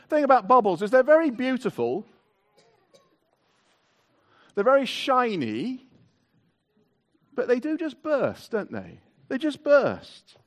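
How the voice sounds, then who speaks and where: A male preacher speaks to a congregation in a church hall with tiered seating. His voice sits high and swings widely in pitch. He takes his time, slowing down and stretching out the words he wants to land. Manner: animated, drawn-out emphasis on key words, leads the congregation in actions. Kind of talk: all-age Christmas sermon.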